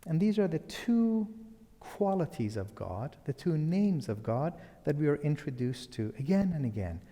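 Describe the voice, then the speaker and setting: A man giving a public lecture, soft and deliberate, his phrases often trailing into near-whispers. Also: fairly high pitch, sing-song, big-room sound.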